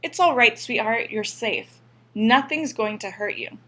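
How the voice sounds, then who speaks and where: A woman voicing a mother who wakes her son from a nightmare and calms him. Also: high-pitched, normal speed, pitched above the performer's own voice, full character voice. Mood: soothing. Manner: urgent then soothing.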